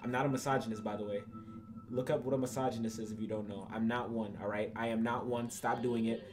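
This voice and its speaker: A man's voice: lowish voice, level tone, fairly quick, over music. A young man commenting on a game in a crude, rambling way, swearing often, repeating himself and laughing at his own jokes. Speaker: gaming YouTuber. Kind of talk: casual commentary reacting to a game.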